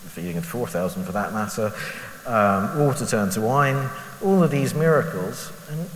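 Musing in an echoey hall with a faint hiss, this lay preacher talks with a medium-pitched, animated voice at normal speed. His conversational Bible reflection is candid and self-deprecating, dotted with rhetorical questions.

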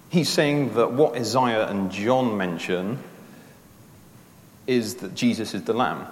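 A man's voice: fairly low pitch, a little hiss or hum. A man preaching a sermon in a conversational way, explaining his points step by step with everyday examples. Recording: roomy echo with long reverb in a hall.

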